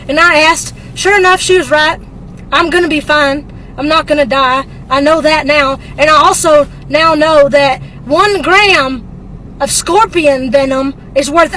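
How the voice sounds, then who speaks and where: A woman's voice: high-pitched, sharp tone, slight background noise, poor audio. A woman, telling a comic story in a folksy, exaggerated way. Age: 20s.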